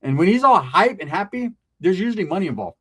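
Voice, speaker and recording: A slightly high-voiced man doing profane, rambling stand-up storytelling. He piles on crude asides and slips into character voices as he goes. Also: sing-song, fast talker, a bit bright, breathy edge. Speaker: comedian.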